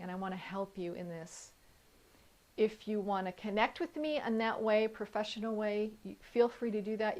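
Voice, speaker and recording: A woman coaching the viewer in an earnest, encouraging talk. She speaks directly to whoever is watching and stops now and then to correct herself as she writes her points down. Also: medium pitch. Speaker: inner life coach. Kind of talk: motivational video talk.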